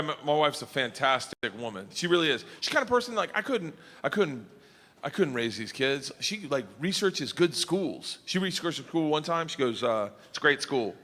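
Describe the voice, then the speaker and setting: A man performing a stand-up comedy routine on a live stage, telling crude stories loudly and excitably, often jumping into high yelling bits. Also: big-room sound. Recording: live stage recording with crowd laughter. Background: audience laughter and crowd noise.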